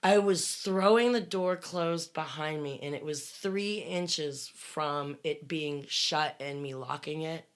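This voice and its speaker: A middle-aged woman telling a dramatic personal story on a podcast, swearing freely and rising to loud bursts. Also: low-pitched, slow, hardly any pauses. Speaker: guest telling her story.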